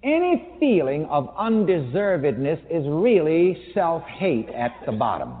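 A man's voice: fairly high pitch, sing-song, measured pace. A man preaching a sermon to an audience in a large hall, emphatic and wry, with a teasing edge. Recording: tinny phone-like sound with long hall reverb.

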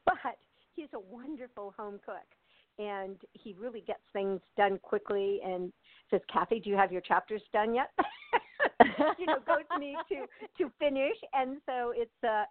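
A woman's voice: mid-range voice, dry recording. Older american lady chatting away on a tinny phone line, lots of laughs and uhs, dry sound. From United States. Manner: chatty, laughs often, many fillers and restarts. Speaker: actress, interview guest. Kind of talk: casual interview chat.

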